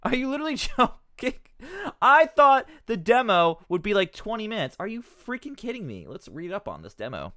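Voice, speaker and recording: A man's voice: high voice, sing-song, moderate pace, sharp tone, dry recording, clean studio sound. Profane, exasperated male streamer. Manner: rambling, self-interrupting. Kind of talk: live-stream commentary.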